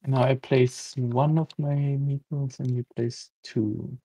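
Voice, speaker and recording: A man's voice: medium pitch, fairly even intonation, slow, warm tone, husky, dry recording, poor audio. A man playing a board game, thinking aloud and explaining the rules to his opponent. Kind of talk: casual board game chat.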